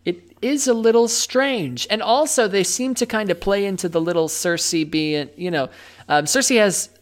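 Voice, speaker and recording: A woman's voice: mid-range voice, normal speed. A woman co-hosting a podcast in casual chat, chatty and self-deprecating, laughing often. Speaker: podcast co-host.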